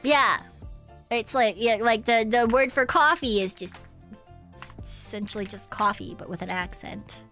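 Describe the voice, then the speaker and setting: A woman's voice: on the high side, a little slow, fairly bright tone, faint music behind. A woman streamer chatting casually and rambling, laughing often and swearing now and then. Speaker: VTuber streamer. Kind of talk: casual livestream chat.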